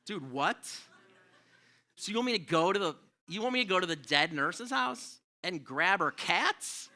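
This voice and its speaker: Bright-voiced man telling stand-up stories. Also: sits high, measured pace. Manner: profane, animated, exasperated storytelling. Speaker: stand-up comedian. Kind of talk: stand-up comedy storytelling. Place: comedy club stage.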